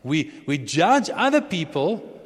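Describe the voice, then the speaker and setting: A man preaching a sermon in a relaxed, chatty way, often restarting and chuckling. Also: on the high side, slow pace, slightly rough. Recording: long hall reverb.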